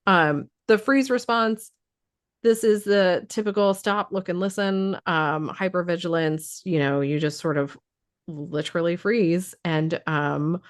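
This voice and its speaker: A woman's voice: lowish voice, measured pace. A woman who is losing her voice explains trauma responses in casual talk, thoughtful, with many fillers and restarts.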